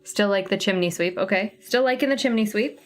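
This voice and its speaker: Sorting her thread colors on a casual craft livestream, a cross-stitch host chats with her viewers and thinks aloud. She speaks a little fast in a mid-range voice, with faint music in the background.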